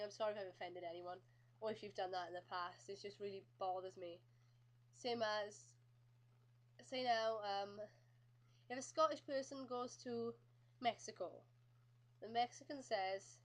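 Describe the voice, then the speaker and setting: A woman's voice: medium pitch, brisk. A Welsh woman vlogging from her bedroom, chatting casually and rambling, often apologizing as she goes. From Wales. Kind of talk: casual chat to camera.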